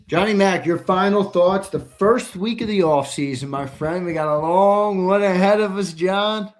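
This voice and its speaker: A young American man hosts a live fan show in a loose, chatty way, answering viewer comments as they come in. His voice sits a little on the high side. He can flare up into shouting before settling back down. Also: moderate pace. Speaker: host. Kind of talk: live sports talk stream.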